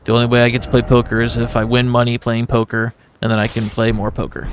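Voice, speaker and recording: A man's voice: medium pitch, completely flat delivery, fast talker, few pauses, faint music behind. A man telling a long rambling story to his viewers as he plays a game live. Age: adult with a son. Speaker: gaming streamer. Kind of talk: casual chat while playing a game.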